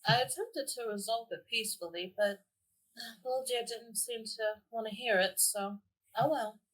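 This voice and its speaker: A woman's voice: a little high, moderate pace, breathy edge, poor audio. A woman playing a tabletop game, speaking politely and a little sweetly in character. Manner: polite and mildly sweet in character, calling a foe "dear". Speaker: player.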